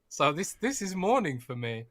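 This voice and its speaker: A podcast co-host with a slightly high, fairly bright voice chats casually on a gaming show, joking and laughing while he reads a sponsor spot. He sounds tired after feeling unwell.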